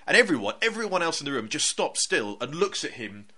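A man's voice: a little high, quick pace. A man chatting casually about films as a podcast co-host, telling stories and acting out his own thoughts. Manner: animated storyteller, acts out his own thoughts in quotes.

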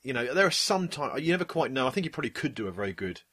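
A man's voice: mid-range voice, big pitch swings, rapid-fire, pushed and bright. A man co-hosting a casual film chat, talking in a rambling, jokey way and often breaking off mid-sentence. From Britain. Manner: rambling, self-interrupting, jokey. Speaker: podcast co-host.

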